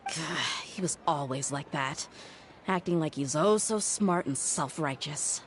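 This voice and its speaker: A woman's voice: low voice, measured pace, noisy background. A woman voicing a brash, blunt female mercenary in game cutscene dialogue. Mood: scornful.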